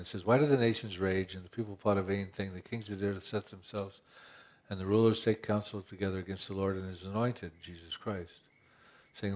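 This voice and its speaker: A man's voice: fairly low pitch, darkish tone. A man pastor preaching a conversational sermon, asking rhetorical questions and often restarting his phrases.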